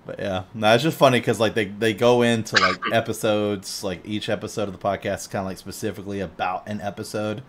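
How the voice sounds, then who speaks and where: A man's voice: lowish voice, steady tone, fast talker, hardly any pauses, noisy background. A man hosting a podcast, telling a long rambling story in casual chat and swearing constantly. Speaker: podcast host.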